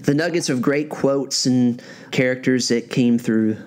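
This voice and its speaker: A man hosting a podcast interview, chatting and telling stories in a lively way. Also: medium pitch, a little slow. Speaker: podcast host. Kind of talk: casual interview chat.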